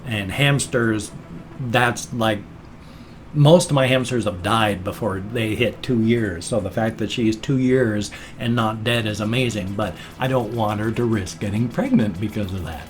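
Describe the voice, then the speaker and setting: A middle-aged man chatting casually in a daily home vlog, rambling and playful with deadpan jokes, recorded on a webcam. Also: lowish voice, a little slow, a little hiss or hum. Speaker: daily vlogger. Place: at home, indoors.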